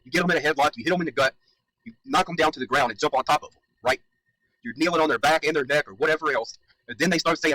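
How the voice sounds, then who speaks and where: Heated man, bright dry voice. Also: a little high, rapid-fire, no echo, low-quality recording. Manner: heated, emphatic, repeats points, swears. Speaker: commentator. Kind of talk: reaction commentary.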